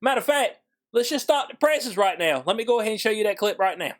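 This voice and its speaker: A man's voice: high-pitched, lively intonation, quick pace, a little hiss or hum. A man giving casual, sarcastic news commentary, slangy and profane.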